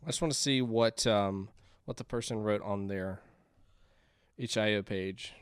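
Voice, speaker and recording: A man playing indie games and thinking aloud, chatty and quick to get excited. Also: lowish voice, clean tone, no echo, studio quality. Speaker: gaming YouTuber. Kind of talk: let's play commentary.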